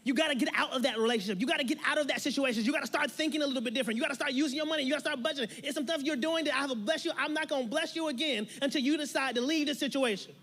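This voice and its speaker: A high-pitched pastor delivering a sermon in a church. The delivery is emphatic and playful, with lots of repetition and asides to the congregation. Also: very fast, hardly any pauses, fairly bright tone.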